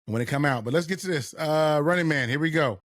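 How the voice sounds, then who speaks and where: A man's voice: fairly high pitch, fast talker, fairly bright tone, no echo, clean studio sound. A man co-hosting a pop culture podcast, chatting casually and hyping up his viewers to weigh in. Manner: hyped, eggs on the chat audience. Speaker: podcast co-host.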